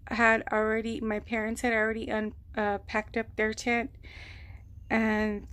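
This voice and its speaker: A woman telling a long personal story on her vlog, rambling and animated, acting out what people said. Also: on the high side, a little slow. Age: adult, mother of a grown son. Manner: rambling, animated retelling with quoted voices. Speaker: vlogger. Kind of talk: casual storytelling.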